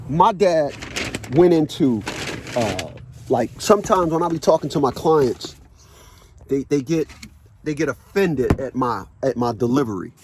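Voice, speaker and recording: Casual male vlogger with a high-pitched voice. He rambles and repeats himself, and is recorded outside over clear traffic noise. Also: lively intonation, slow pace, pauses often. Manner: rambling, repeats words for emphasis; blunt, swears casually. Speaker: vlogger telling a personal story. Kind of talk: casual monologue.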